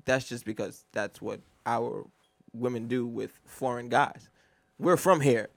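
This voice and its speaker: A man's voice: mid-range voice, measured pace, vocal fry, no echo. A young man co-hosting a casual podcast, a laid-back joker cracking wisecracks into a studio mic. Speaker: podcast co-host.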